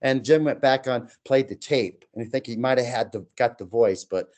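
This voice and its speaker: Speaking at normal speed with a medium-pitched voice, this man in his sixties is a guest sharing his own stories in a casual chat. He's animated, acting out voices and sounds along the way.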